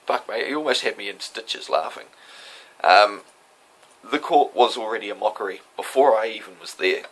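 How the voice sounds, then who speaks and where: In a casual spoken monologue, a man who represented himself recounts his court hearing, defiant, emphatic and lecturing. His voice sits on the low side with a breathy edge at a normal pace, and the audio is poor.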